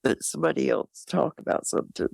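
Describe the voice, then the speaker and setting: A woman in a recovery group, speaking slowly and hesitantly, worried and tired, sharing with emotion over a video call. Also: extremely low pitch, expressive, gravelly, darkish tone, slightly rough, dry recording. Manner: slow, tearful and hesitant.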